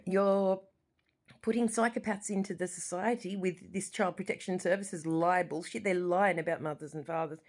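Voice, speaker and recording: A woman's voice: fairly low pitch, fairly even intonation, moderate pace, a little mellow. An Australian woman in her forties, talking straight to camera at home in an impassioned, rambling way that often repeats itself. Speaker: vlogger. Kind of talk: emotional personal monologue. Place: living room at home.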